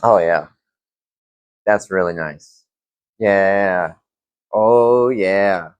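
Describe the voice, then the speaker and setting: A young man reviewing fragrances in a casual vlog, relaxed and rambling with lots of fillers. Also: deep voice, very slow, clear, resonant tone, no room sound.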